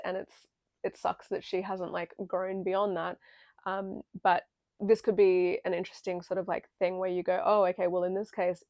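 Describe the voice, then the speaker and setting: A young woman giving a chatty, casual film analysis with a strong vocal fry. She talks loosely, with lots of fillers and offhand swearing. The recording is dry and close, with no room sound. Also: medium pitch, a little mellow, dry recording. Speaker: video essay creator.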